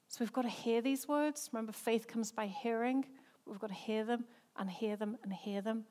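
A woman's voice: a little high, fairly even intonation, normal speed, few pauses, darkish tone. A woman, a senior pastor who preaches a sermon in a chatty, self-mocking way and laughs often. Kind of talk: sermon with personal stories.

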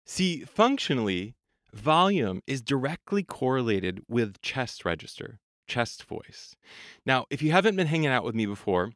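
A man hosting a podcast, teaching about the voice in an animated way and demonstrating as he talks. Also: mid-range voice, moderate pace, no room sound, clean studio sound. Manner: animated, demonstrates singing registers, laughs often. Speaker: voice coach and podcast host.

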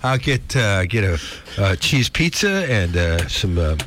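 A man chatting casually on a radio show, halting and full of fillers. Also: on the low side, big pitch swings, a bit bright.

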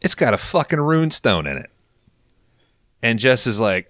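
A podcast host with a mid-range, sing-song voice and a fairly bright tone recaps a TV episode at a measured pace. He jokes around, swears freely, and acts out quotes. The recording is dry and clean, studio quality.

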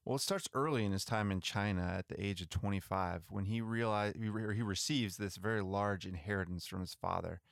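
A man co-hosting a podcast, chatting and retelling missionary history in a relaxed, conversational way with some restarts. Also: on the low side, brisk, vocal fry, few pauses, no echo, studio quality. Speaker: podcast co-host. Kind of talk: casual storytelling about missionary history.

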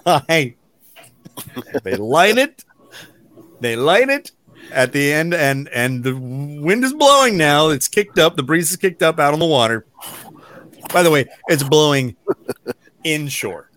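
A middle-aged man with a fairly high voice co-hosts a podcast, telling a story in casual chat. He speaks unhurriedly with long pauses and acts out the quotes with animation.

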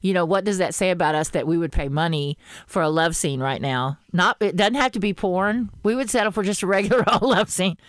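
A woman's voice: fairly low pitch, brisk, no echo. A woman from Arkansas with a Southern accent, co-hosting a casual podcast chat, rambling and laughing often. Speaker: podcast co-host.

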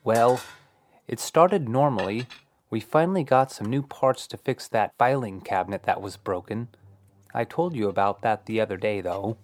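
A man playing a stiff, wooden sitcom dad in a parody, delivering lines flatly. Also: on the low side, moderate pace, a little hiss or hum, close to an everyday voice.

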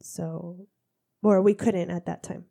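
A woman's voice: fairly low pitch, fairly even intonation, takes it slowly, gravelly, warm tone. A woman in her thirties, congested, telling stories in a casual chat with frequent laughter. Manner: chatty, laughing storyteller.

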